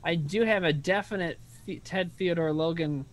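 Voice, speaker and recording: A man's voice: on the high side, normal speed, a little hiss or hum. A man with a Midwestern accent hosting a casual stream chat, rambling and swearing freely while poking fun at himself. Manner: rambling, profane, self-deprecating. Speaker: streaming show host.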